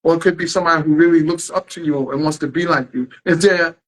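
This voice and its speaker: A man's voice: a little high, quick pace, low-quality recording. A man hosting a casual interview, encouraging his guest with frequent affirmations. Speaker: interview host.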